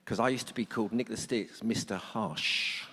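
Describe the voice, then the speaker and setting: A middle-aged man with a fairly low, husky voice sounds pushed and bright, keeping a moderate pace. He's a blunt, joking storyteller giving a humorous talk to a workshop audience, and the conference hall lends a long reverb.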